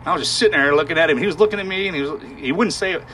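A man telling a harrowing war story in conversation, halting and emotional, with sighs and restarts. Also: a little high, a bit bright, a little hiss or hum.

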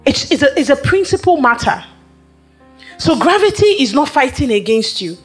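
A woman preacher delivering a sermon with rhythmic, repetitive phrasing and emphatic pauses. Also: sits high, very animated, faint music behind.

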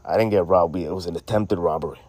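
A man's voice: low-pitched, fast talker, darkish tone, no room sound. A man co-hosting a podcast, telling a story in casual, joking banter and repeating names as he goes. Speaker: podcast co-host.

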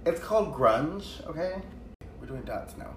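Chatty guy with a lively, bouncing delivery, heard a bit off-mic in a noisy, echoey room. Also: a little high, a little slow, recorded from a distance. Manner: chatty, animated storytelling. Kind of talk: casual chat while doing makeup.

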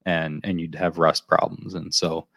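A man co-hosts a podcast and tells a long, rambling story in casual chat. He keeps looping back to pick up the thread. His voice is very deep, and the sound is dry and close. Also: level tone, measured pace, vocal fry, a bit bright, no room sound. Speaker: podcast co-host.

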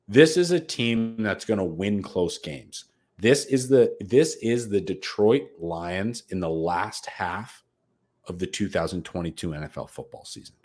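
A man's voice: lowish voice, a little mellow. A man co-hosting a sports betting podcast, talking in a brash, profane, hyped-up way. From United States. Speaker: podcast co-host. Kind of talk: casual sports betting chat.

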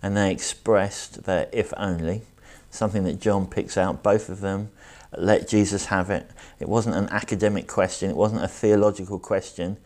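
Deep-voiced man preaching a sermon. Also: fairly even intonation, a little mellow. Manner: earnest, reflective, slows down for emphasis. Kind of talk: sermon with scripture reading.

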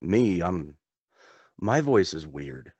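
Laid-back man with a low voice. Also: big pitch swings, slow, warm tone, husky, dry recording. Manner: rambling, laid-back, with chuckles. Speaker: podcast co-host. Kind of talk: casual chat.

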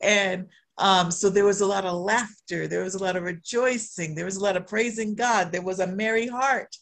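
A woman shares a personal testimony in sermon style. She tells the story in an animated way and leans on repeated refrains to drive her points home. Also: medium pitch, moderate pace.

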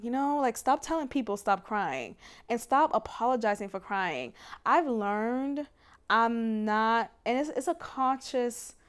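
A woman's voice: on the high side, animated, unhurried, clear, resonant tone. A young adult woman hosting a faith podcast, talking casually and emphatically, laughing often. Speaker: podcast host.

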